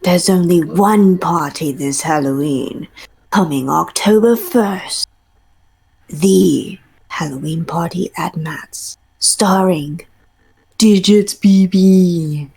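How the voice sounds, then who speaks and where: A stream co-host with a low, husky, creaky voice and a darkish tone delivers a playful, theatrical mock movie-trailer narration during a game stream. She speaks slowly, pausing often, slipping into whispers and laughing between phrases.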